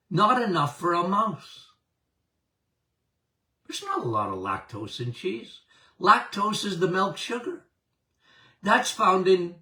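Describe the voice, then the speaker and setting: An older man hosting a health podcast, talking emphatically and excitedly to listeners, laughing often. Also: sits high, echoey room, distant mic. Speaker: podcast host and health doctor. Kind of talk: animated health talk to listeners.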